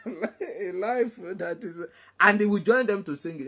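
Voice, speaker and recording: A man's voice: high-pitched, normal speed, fairly bright tone. Man, Nigerian English accent, gospel DJ, live online chat, emphatic, preachy, repeats himself, Pidgin asides.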